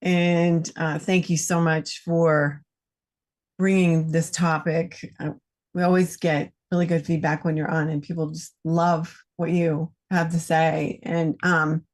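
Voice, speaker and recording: A woman on an online call sharing personal experience in a heartfelt, halting way. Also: sits low, level tone, darkish tone. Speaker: panel participant. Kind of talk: casual online chat.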